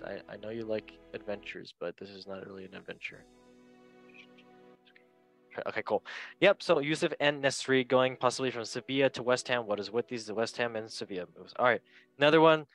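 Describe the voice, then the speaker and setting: A man's voice: mid-range voice, fairly bright tone, poor audio. A man hosting a casual football podcast, chatty and joking, correcting himself as he reads through transfer news. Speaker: podcast host.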